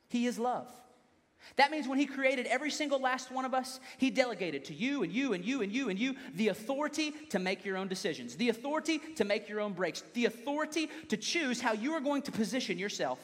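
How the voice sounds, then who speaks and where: A young man with a high voice preaches to his congregation in an easy, conversational manner. He breaks off now and then to joke with the listeners. His voice rings out with a long reverb through a church hall. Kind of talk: sermon.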